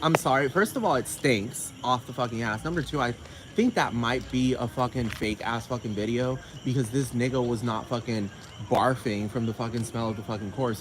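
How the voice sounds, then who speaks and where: Rambling, profane man ranting to camera. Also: noisy background. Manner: rambling, profane, keeps asking "you know what I'm talking about?"; sudden jumps up in pitch when riled. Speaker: vlogger. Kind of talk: casual rant to camera.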